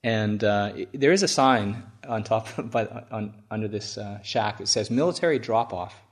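Low-voiced chuckling monk telling a story. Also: male voice, steady tone. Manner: chuckling, halting with many restarts. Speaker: Buddhist monk. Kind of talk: storytelling talk.

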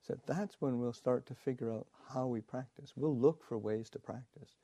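A Buddhist monk, a man, telling a teaching story in a halting way, full of fillers and restarts, with soft chuckles. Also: medium pitch, no room sound. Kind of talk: storytelling dharma talk.

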